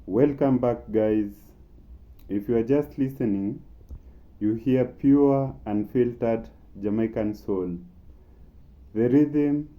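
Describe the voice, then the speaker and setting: A man's voice: medium pitch, phone-quality sound. A man giving emphatic, scripted documentary narration as the channel host. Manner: emphatic, building suspense.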